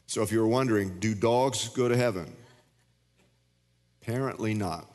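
A man's voice: lowish voice, normal speed, darkish tone. A man preaching a sermon as pastor, plain-spoken and folksy with joking asides. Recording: long reverb of a big hall.

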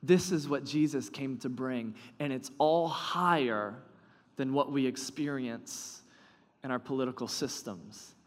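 A male pastor preaching a sermon in a conversational, animated storytelling manner. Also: medium pitch, measured pace, in a large hall.

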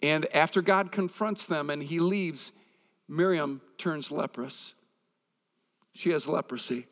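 Man, pastor, conversational sermon, fairly high voice, long hall reverb. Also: takes it slowly, fairly bright tone. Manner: conversational preaching with personal stories.

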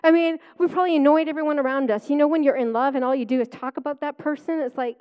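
A woman with a bright, high-pitched voice shares her testimony from the pulpit. She tells it like a chatty story, laughing often as she goes. She sounds middle-aged. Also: steady tone, fast, few pauses. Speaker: preacher. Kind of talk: personal testimony sermon.

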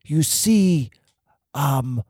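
A man's voice: fairly high pitch, animated, drawn-out words, a little mellow, slightly rough, no room sound, clean studio sound, full character voice. A man putting on a put-on British accent as a fussy, flustered man who hesitates and dithers.

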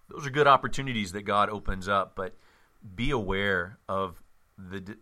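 A man's voice: lowish voice, pushed and bright. A man who is a pastor, earnest and encouraging, speaking to fellow pastors with joking asides. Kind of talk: casual conversation between pastors.

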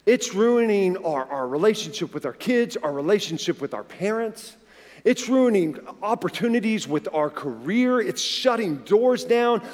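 40s pastor guy preaching, high voice, big echoey church hall, acts out the story as he goes. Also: moderate pace. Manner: animated storyteller who acts out dialogue. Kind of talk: sermon with a personal story. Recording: long reverb of a large hall.

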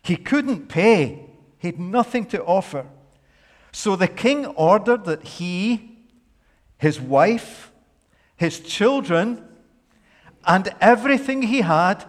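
Slow, echoey preacher. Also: male voice, high-pitched. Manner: animated storytelling, playful asides. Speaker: pastor. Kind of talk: sermon with a dramatized parable reading. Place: church. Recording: long echo of a large hall.

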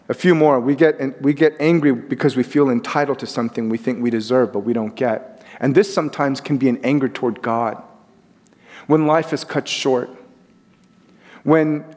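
A middle-aged man preaching a sermon in a conversational, animated way, acting out quotes as he goes. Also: medium pitch. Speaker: pastor. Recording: long hall reverb.

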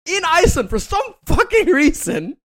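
A man's voice: very high voice, normal speed. A man co-hosting a casual podcast, telling a travel story with lots of swearing and acted-out quotes. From Canada. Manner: animated, swearing, acts out quotes. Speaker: podcast co-host.

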